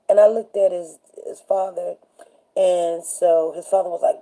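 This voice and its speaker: Warm and fairly low-pitched, this middle-aged host chats on a casual livestream at a moderate pace over poor audio. She tells rambling stories and keeps checking in with viewers by asking "you know what I'm saying."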